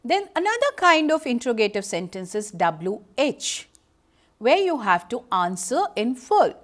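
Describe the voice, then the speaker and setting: A woman with an Indian English accent delivers an educational lecture at an unhurried pace. Her voice sits a little high and moves a lot in pitch. She explains step by step and reads out example sentences as she goes. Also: sing-song. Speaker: teacher.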